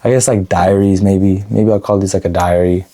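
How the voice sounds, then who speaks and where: A young man talking straight to camera in an unedited vlog, blunt and profane, rambling with restarts and a pace that speeds up and slows down. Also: deep voice, fairly even intonation, warm tone, a little hiss or hum. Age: young adult. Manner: quick, shifting pace; frequent restarts and self-corrections. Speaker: vlogger.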